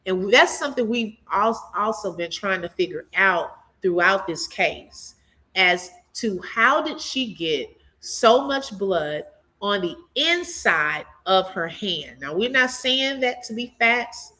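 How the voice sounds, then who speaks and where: A woman hosting a casual live commentary, chatty and quick to laugh as she reads out viewer comments. Her voice is bright and forward, pitched in an ordinary middle range. She talks straight to her audience like she's catching up with friends. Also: lively intonation. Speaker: channel host reacting to a court case.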